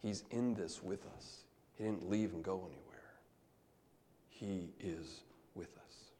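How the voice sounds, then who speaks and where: A man's voice: low-pitched, slow pace, slight background noise. Man preaching in a reverberant hall. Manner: swings from soft hushed lines to raised emphatic calls. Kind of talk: sermon.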